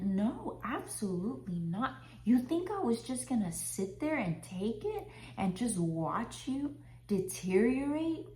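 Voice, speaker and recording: A woman voicing God as a tender, loving heavenly father who speaks softly and consolingly, often half-whispering. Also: mid-range voice. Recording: roomy echo.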